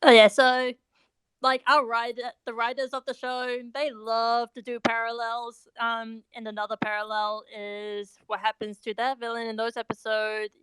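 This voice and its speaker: Flat-voiced woman, full of ums and likes. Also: fairly high pitch, moderate pace, smooth, no room sound. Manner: hesitant, full of um and like. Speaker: podcast panelist. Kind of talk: casual fan discussion.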